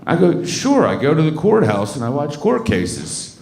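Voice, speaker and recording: A man's voice: on the high side, wildly swooping pitch, normal speed, darkish tone, roomy sound, slight background noise. A man in his thirties from Baltimore doing a crude, rambling stand-up set, full of fillers and restarts. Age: 30s. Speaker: stand-up comic. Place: comedy club stage.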